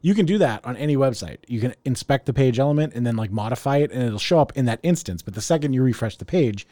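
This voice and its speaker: A man's voice: mid-range voice, animated, fast, warm tone, dry recording. Casual rambling podcast guy. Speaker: podcast co-host. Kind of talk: casual chat.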